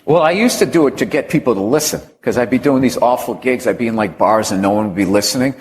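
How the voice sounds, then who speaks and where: A male stand-up comedian answering an interview question with an animated story. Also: medium pitch, fast. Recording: reverberant room, faint noise.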